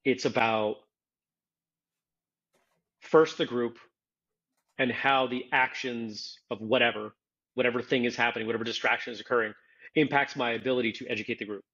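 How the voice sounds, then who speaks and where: A man's voice: mid-range voice, steady tone, normal speed, pauses often, a bit bright, slightly rough, dull audio. A man hosting a casual podcast discussion, explaining his points earnestly and step by step. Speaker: podcast host, martial arts instructor.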